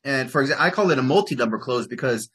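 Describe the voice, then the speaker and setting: Husky, bright-toned male dating coach. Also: rapid-fire. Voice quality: animated, rambling, peppered with "like". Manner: acts out example lines in bursts of higher pitch. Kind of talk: casual coaching session.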